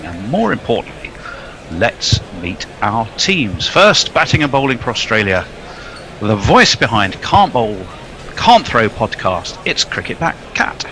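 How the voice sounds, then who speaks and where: A man's voice: lowish voice, sharp tone, a little hiss or hum. A man hosting a casual podcast chat, introducing guests with playful, jokey billings. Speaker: host.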